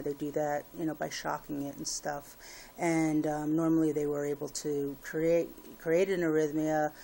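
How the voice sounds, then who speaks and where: A woman's voice: deep voice, mellow. A woman giving a casual personal update to her viewers, rambling with many fillers and restarts. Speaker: vlogger.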